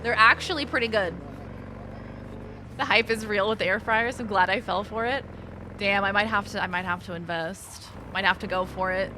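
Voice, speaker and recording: A woman's voice: mid-range voice, moderate pace, noisy background. A woman streaming a video game, chatting casually, laughing often and swearing freely. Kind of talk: casual chat while gaming.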